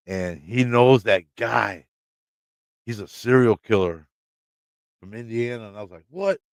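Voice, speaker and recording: Midwestern man, livestream host, loose rambling storyteller, smooth clear voice, dry close sound. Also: mid-range voice, no echo. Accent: American Midwestern. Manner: rambling, swears freely, laughs often. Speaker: channel host talking to live chat.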